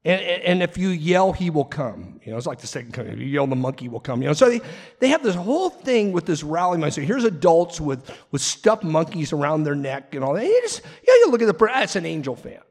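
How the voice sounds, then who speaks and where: A man preaching a sermon as pastor, animated and quick with asides and acted-out quotes. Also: fairly high pitch. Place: church sanctuary. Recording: long reverb of a large hall.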